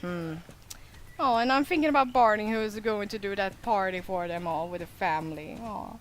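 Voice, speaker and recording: A woman's voice: medium pitch, moderate pace, a little hiss or hum. Chatty woman narrating her gameplay. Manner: chatty, playful, animated. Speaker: let's play host. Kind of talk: casual gameplay commentary.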